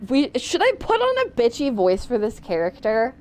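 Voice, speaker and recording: A young adult woman streaming a video game, chatting casually and reacting out loud to the game and her chat. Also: fairly high pitch, wildly swooping pitch, normal speed. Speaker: VTuber streamer.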